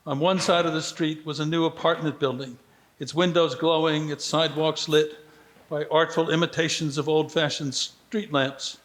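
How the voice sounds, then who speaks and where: A man reading aloud from his own book at a literary festival, measured and steady, with quoted lines given brief lively voicing. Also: on the high side. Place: festival venue.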